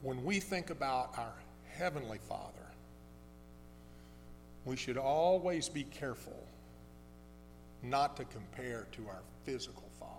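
A man preaching a sermon, telling a story in a conversational, halting way with many restarts. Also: mid-range voice, animated. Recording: long hall reverb with faint hum.

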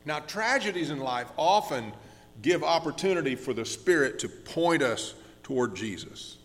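A man preaching a sermon as pastor, earnest and slowing down on key words, with frequent restarts. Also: on the high side, animated, big-room sound. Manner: earnest, slows down for emphasis with many restarts.

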